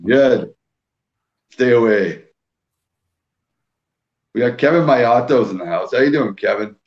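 A man's voice: medium pitch, expressive, slow pace, muffled recording. Teasing man from Quebec on a live stream. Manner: teasing, jokey, reads out viewer names. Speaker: host of a live whisky stream. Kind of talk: casual live-stream banter.

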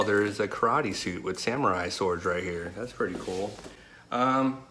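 A man's voice: on the low side, moderate pace, fairly bright tone. A man as guest in a casual chat, talking in a loose, rambling way. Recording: echoey room with faint noise.

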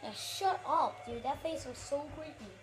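A high, bright voice narrating a hockey video game as it is played, all hype and trash talk. She keeps bursting into whoops and shouts over quick back-and-forth commentary, with faint noise underneath. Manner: hyped, trash-talking, frequent shouts and whoops. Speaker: gaming channel host. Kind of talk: excited live gameplay commentary.

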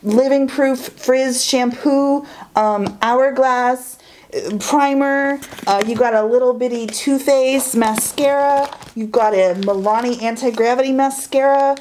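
A woman chatting excitedly through a beauty haul, gushing and saying "like" and "y'all" a lot. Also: high voice, unhurried, a little hiss or hum. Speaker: beauty vlogger. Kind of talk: casual haul chat.

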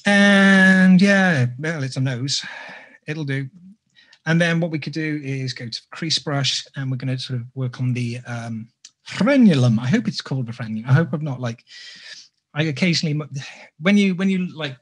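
A man's voice: a little high, normal speed, a bit bright. A man giving a live sculpting tutorial, chatty and self-deprecating, drifting into jokey asides. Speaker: sculpting instructor.

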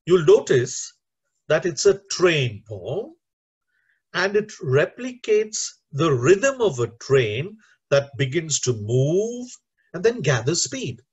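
A husky man speaks slowly and deliberately as he teaches a lecture to teachers, explaining each point step by step and checking in with "right?" along the way. The recording is dull and lo-fi. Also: on the high side, very animated. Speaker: teacher trainer.

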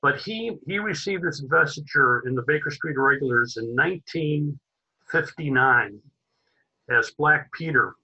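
A man hosting an online society meeting, speaking haltingly with many fillers and restarts. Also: a little high, animated, bright, forceful tone, slightly rough, highs cut off. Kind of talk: hesitant introductory remarks.

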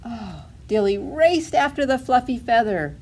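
A woman's voice: fairly high pitch, sing-song, measured pace, a little mellow. A woman librarian reading a storybook aloud to toddlers in a sing-song way, asking the children questions as she goes.

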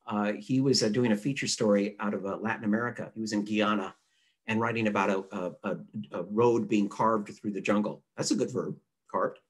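Husky-voiced man teaching writing online. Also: fairly low pitch, a little fast. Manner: relaxed and chatty, reads example sentences aloud for rhythm. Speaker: newspaper editor teaching a writing webinar. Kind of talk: conversational online writing lesson. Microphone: computer mic on a video call.

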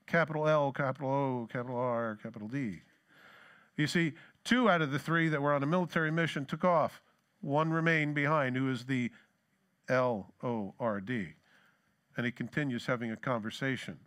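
A man's voice: mid-range voice, a little fast, fairly bright tone. A man preaching a sermon as pastor, talking in a loose, joking way and reading scripture aloud with building emphasis. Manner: conversational and joking, reads scripture with rising emphasis. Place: church sanctuary.

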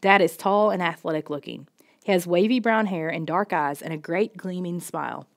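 Woman, audiobook reader, lowish voice, steady, expressive first-person narration. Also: moderate pace, gravelly.

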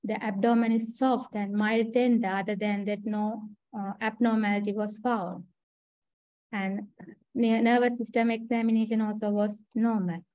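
A woman's voice: medium pitch, flat delivery, moderate pace, no echo, highs cut off. A woman with a Sri Lankan accent giving a clinical case presentation, hesitant with many fillers and restarts. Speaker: trainee doctor presenting a case.

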